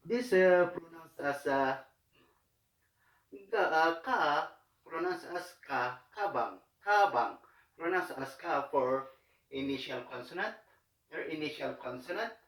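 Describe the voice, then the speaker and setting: Slow, hesitant man in an echoey room. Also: a little high, animated, fairly bright tone. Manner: hesitant, many fillers and repeated words. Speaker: language tutor. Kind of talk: slow tutorial explanation.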